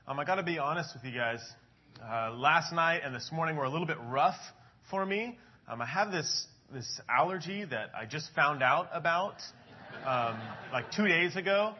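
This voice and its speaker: A man's voice: a little high, lively intonation, normal speed, breathy edge, muffled recording. A man in his thirties, an adult ministries pastor, giving a casual sermon to his congregation in a chatty storytelling way with frequent ums and uhs.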